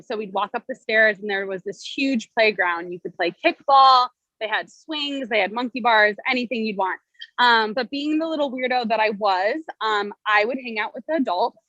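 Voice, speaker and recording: A woman's voice: on the high side, pushed and bright, dry recording. A young woman from Cleveland telling a personal story over a video call, casual and chatty with lots of fillers. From Cleveland, Ohio. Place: outdoors at a state fair. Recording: dull lo-fi video call audio.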